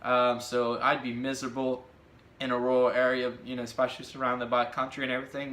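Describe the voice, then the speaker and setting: A man's voice: mid-range voice, completely flat delivery, brisk, fairly bright tone. Chatty young man in an echoey room. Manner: rambling, chatty, lots of fillers. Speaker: vlogger. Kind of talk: casual question-and-answer chat.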